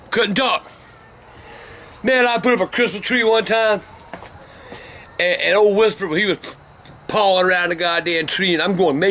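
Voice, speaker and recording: Older man, high bright voice, cursing storyteller who erupts into shouts, faint room hum. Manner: cursing constantly, bursts into shouting. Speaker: vlog host telling stories. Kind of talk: profane storytelling rant.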